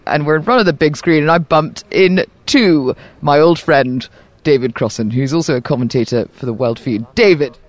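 A woman's voice: sits low, no room sound. A woman with a posh English accent hosting a podcast, teasing her guest in casual chat outdoors at a tennis venue. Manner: playful, teasing, animated. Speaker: podcast host. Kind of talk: casual chat interview on site.

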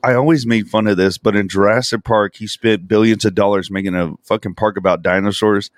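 A man's voice: lowish voice, fairly even intonation, brisk, no room sound, clean studio sound. A man co-hosting a podcast in casual chat, profane and mocking, often slipping into goofy impressions. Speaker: podcast co-host.

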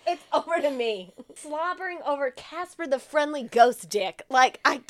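Young woman with a high voice roasting a movie on a podcast, sarcastic, lots of swearing. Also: animated, normal speed, dry recording. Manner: crude, sarcastic, swears freely and mocks the plot. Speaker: podcast co-host. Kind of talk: casual comedic chat.

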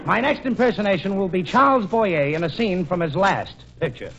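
A man's voice: high-pitched, lively intonation, normal speed, lo-fi sound, over a noisy crowd. A man doing a stand-up routine as a comedy guest on a 1940s radio show, with mock-grand showman patter, on a studio stage before a live audience.

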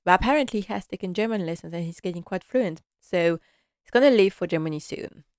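A woman's voice: lowish voice, expressive, quick pace, a little mellow, no room sound, clean studio sound. A woman chatting casually through an episode recap, laughing often and acting out the characters' lines. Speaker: series recap vlogger.

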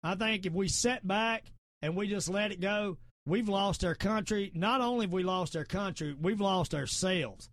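Fervent Southern host, middle-aged, high-pitched, preaches in repeated emphatic lines. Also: male voice, moderate pace, a bit bright, no echo, studio quality. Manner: repetitive, emphatic, quotes scripture. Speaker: podcast host. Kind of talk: fervent preachy political talk.

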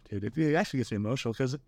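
A man's voice: medium pitch, very fast, gravelly, a little mellow, no echo. A middle-aged man speaking as a podcast guest, earnest and emotional, often saying "man" and "dude". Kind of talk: candid podcast conversation.

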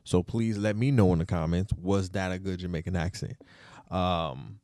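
A man's voice: low-pitched, normal speed, dry recording, studio quality. A man hosting a casual opinion podcast, talking. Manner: relaxed and conversational, with many fillers and repeats. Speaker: podcast host.

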